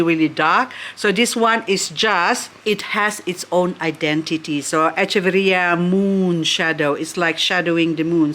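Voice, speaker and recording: A woman's voice: medium pitch, fairly bright tone. A woman vlogging at home, chatty and gushing as she unboxes succulents and talks to her plants. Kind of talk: casual unboxing chat.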